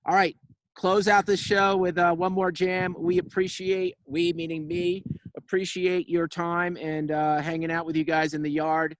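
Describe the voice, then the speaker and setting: A man hosting a radio show, chatting loosely and firing off quick questions. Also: sits high, level tone, dry recording. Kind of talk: casual chat. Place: backyard, outdoors.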